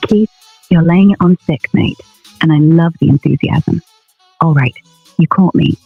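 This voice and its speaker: A man's voice: on the high side, a little slow, vocal fry, slightly rough, no echo, narrow, tinny audio, soft background music. A synthetic male voice with a Northern English accent, an AI co-host bantering in a cheeky, chummy way. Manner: chummy, cheeky, calls people mate. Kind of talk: casual banter.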